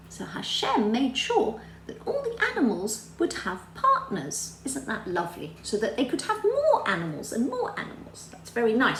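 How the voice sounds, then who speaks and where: A woman leads a story lesson for small children, her voice swooping lively up and down. She talks in an animated, sing-song way and keeps asking her young listeners questions. The recording sounds roomy, with a faint hum underneath. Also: medium pitch, normal speed, hardly any pauses. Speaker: children's religious teacher.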